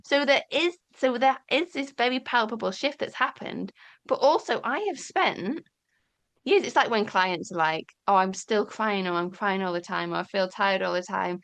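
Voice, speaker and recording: A woman talking candidly as an interview guest, animated and storytelling, casually swearing and acting out quoted dialogue. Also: mid-range voice, normal speed. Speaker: podcast guest.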